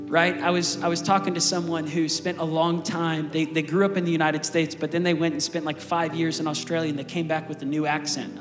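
High-voiced pastor preaching in an echoing hall. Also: male voice. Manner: conversational, energetic preaching with asides to the congregation. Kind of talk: sermon. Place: large church auditorium.

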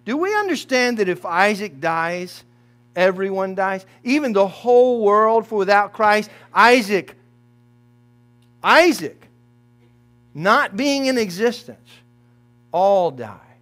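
A man's voice: high-pitched, animated, slow, fairly bright tone. A man preaching a sermon as pastor, calling on his congregation and crying out quoted lines at full voice. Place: church sanctuary.

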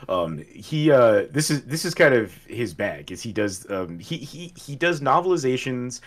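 A man co-hosting a podcast in casual chat, rambling with many restarts and trailing off quietly. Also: medium pitch, very animated, moderate pace. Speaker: podcast co-host.

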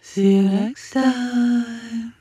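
A woman putting on a slow, high sing-song voice for an outro. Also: fairly even intonation, mellow, slightly rough, no room sound, heavily acted.

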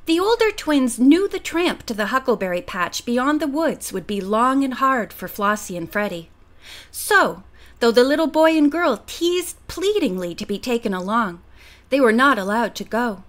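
A woman narrating a children's book aloud with expressive storytelling. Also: a little high, moderate pace. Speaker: audiobook narrator.

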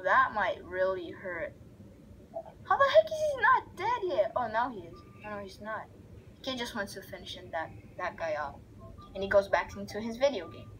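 A woman giving excitable let's-play commentary, reacting loudly and narrating the action on screen. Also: mid-range voice, a little hiss or hum, poor audio. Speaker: gaming video creator.

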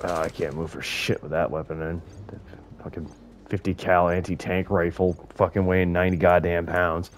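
A man's voice: sits low, level tone, moderate pace, a little hiss or hum. A young man giving casual, profane gameplay commentary, joking and talking to the creatures on screen. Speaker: gaming YouTuber.

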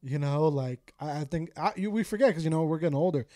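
A man's voice: fairly high pitch, fast talker, warm tone, no echo, studio quality. A man hosting a podcast, chatting in a loose, slangy way. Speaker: podcast host. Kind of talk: casual podcast chat.

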